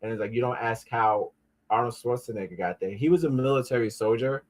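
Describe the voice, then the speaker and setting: A man's voice: mid-range voice, brisk, darkish tone. A man in a mid-range voice hosts a loose pop-culture commentary show. He rambles and swears, circles back on himself, and grumbles at his devices when they stall. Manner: rambling and profane, with frequent restarts and asides; easily frustrated, talks back at his devices. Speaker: podcast host.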